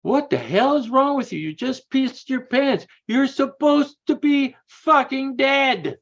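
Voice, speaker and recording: A man's voice: very high voice, lively intonation, unhurried, a bit bright, highs cut off, voice pushed up, exaggerated voice. A man voicing his own scornful inner ego, a crude male voice that jeers at him. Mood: jeering. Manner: crude, jeering.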